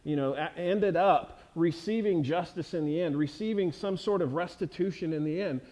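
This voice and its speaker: A pastor delivering a sermon in a church, talking conversationally with many fillers and restarts. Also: male voice, fairly high pitch, normal speed, darkish tone.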